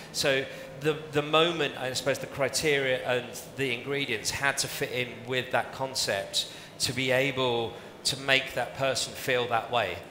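A man from the United Kingdom explaining drink making onstage at a live masterclass, with a hesitant, halting way of talking full of restarts. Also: medium pitch, sharp tone, slight background noise. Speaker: bartender giving a masterclass. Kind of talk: casual live onstage chat. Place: large event hall. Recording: roomy hall reverb, faint crowd.

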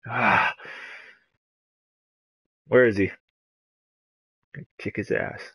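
A man's voice: lowish voice, fairly even intonation, slow, pushed and bright, husky, dry recording. A young man streaming a video game, chatting casually, swearing now and then, and reading game dialogue aloud. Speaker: gaming streamer. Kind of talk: casual gameplay commentary.

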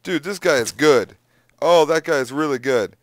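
A young man giving casual, excitable gameplay commentary, exclaiming and humming to himself. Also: on the high side, moderate pace, dry recording, clean studio sound. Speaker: gaming youtuber.

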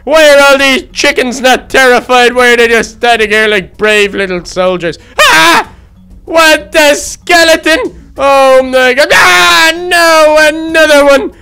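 A man voicing a timid, excitable young male baby duck in a game role-play, gasping and easily frightened. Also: very high-pitched, normal speed, few pauses, clean tone, faint music behind. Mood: scared. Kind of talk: Minecraft role-play narration.

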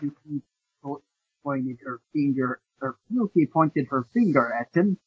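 A man with a husky, slightly raised voice reads a bad fanfic aloud at an unhurried pace, mocking the prose as he goes. The recording is dull and lo-fi, with a dry, close sound. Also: on the high side, expressive, no echo. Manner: mocking, swears and breaks off to joke about the text. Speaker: fanfiction reader. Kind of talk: comedic read-aloud with commentary.

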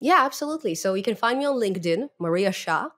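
A young adult woman with a non-native English accent, chatting as a podcast guest, lively and laughing often between fillers. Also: medium pitch, fast talker. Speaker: podcast guest, Python educator. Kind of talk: casual interview chat.

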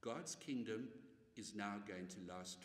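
A man's voice: lowish voice, unhurried. A man, a priest, giving a conversational Bible lecture and often tagging his points with "eh?". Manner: animated, conversational, tag questions with "eh". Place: church or parish hall. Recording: echoey hall from far off.

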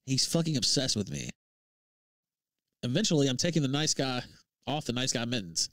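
A man hosting a livestream, reading out tweets and breaking into a loud, profane rant. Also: mid-range voice, normal speed, no room sound, clean studio sound. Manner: profane, heated, laughs between lines. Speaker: livestream host.

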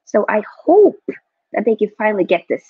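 A young woman hosting a live football watchalong from home, excitable and reading out viewer chat. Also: mid-range voice, a little fast, slightly rough, no room sound. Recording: dull lo-fi dry mic.

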